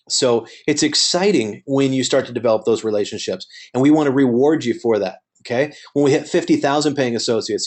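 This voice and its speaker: A man's voice: mid-range voice, darkish tone. A middle-aged man, a company executive, giving an earnest motivational talk on a webinar, with many fillers and restarts.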